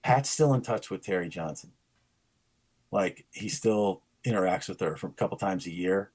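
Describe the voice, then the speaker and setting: A man's voice: low-pitched, moderate pace, a little mellow, husky. A man co-hosting a casual podcast, telling a rambling anecdote and acting out the quoted lines. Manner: rambling storyteller who acts out quoted lines. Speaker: podcast co-host.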